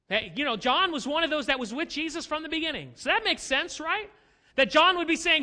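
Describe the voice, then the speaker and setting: A man's voice: very high voice, animated, a little fast, pushed and bright, long reverb tail. A man preaching as a pastor, asking rhetorical questions and building to emphatic lines. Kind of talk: sermon.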